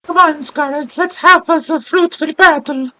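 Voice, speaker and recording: A man's voice: extremely high pitch, normal speed, pushed and bright, voice pushed up, full character voice, rough recording. Nemona, a man doing a peppy Italian-accented girl. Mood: cheerful. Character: eager young female trainer, peppy, fake Italian accent.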